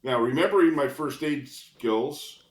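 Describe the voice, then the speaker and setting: A man's voice: mid-range voice, unhurried. A man in his sixties, a retired police officer, telling vivid stories as a guest in a podcast interview, chuckling as he goes. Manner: lively anecdotal storyteller, chuckles between lines. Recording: roomy echo.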